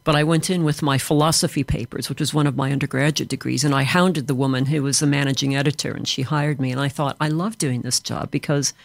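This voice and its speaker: Gravelly American man, interview guest. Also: medium pitch, fairly even intonation, fast talker, few pauses, no room sound. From Chicago, USA. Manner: fluent, explanatory storytelling. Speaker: author and trainer, interview guest. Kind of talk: interview answers.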